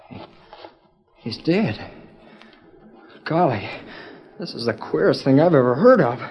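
An actor playing an eager young cowboy in a 1940s radio drama, talking to himself in excited, breathless exclamations. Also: male voice, a little high.

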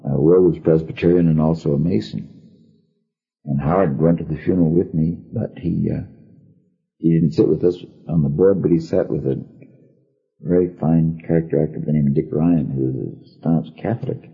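An older man, a former radio actor, telling a wry funeral anecdote in an unhurried storytelling manner, on an archive recording. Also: rumbling low, fairly even intonation, gravelly, phone-quality sound.

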